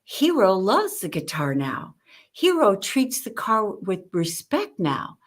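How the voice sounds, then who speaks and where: An older woman, a guest on an interview show, telling lively stories about communication and acting out the people she quotes. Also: medium pitch, slow pace. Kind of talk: conversational interview with storytelling.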